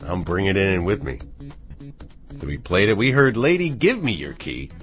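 A man hosting a live radio show in a studio, rambling and thinking out loud into the microphone. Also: sits low, sing-song, normal speed, soft background music. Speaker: radio DJ and host. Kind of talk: casual live radio chat.

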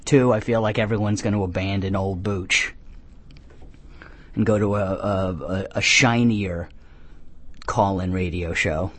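Deadpan rambling man hosting a comedy show. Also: sits low, a little slow, long pauses. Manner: deadpan absurd tangents, self-mocking, many restarts. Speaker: call-in radio show host. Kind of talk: rambling comic monologue.

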